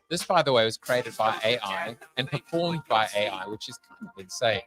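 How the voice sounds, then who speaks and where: A man's voice: mid-range voice, lively intonation, normal speed, few pauses, bright, forceful tone, faint music behind. A man with a Long Island accent hosting an interview podcast, joking and rambling, laughing often. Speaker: podcast host. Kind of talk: casual interview chat.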